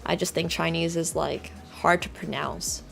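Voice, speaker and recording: A woman's voice: sits low, level tone, normal speed, vocal fry, faint music behind. A woman chess streamer chatting casually with her live viewers, leaning on "like" and laughing easily.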